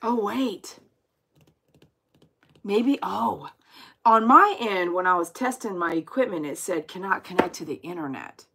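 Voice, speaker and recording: Bright-voiced chatty woman. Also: lowish voice, measured pace, slightly rough. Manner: chatty, animated, exclaims and reads comments aloud. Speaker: dog groomer hosting a livestream. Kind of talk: casual livestream chat with viewers.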